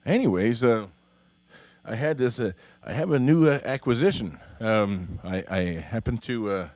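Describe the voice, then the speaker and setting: A man's voice: on the low side, expressive, measured pace, a little mellow, no room sound. A middle-aged man with a Norwegian accent, rambling through a live-stream chat with many fillers and restarts. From Norway. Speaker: musician hosting a live stream. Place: home studio.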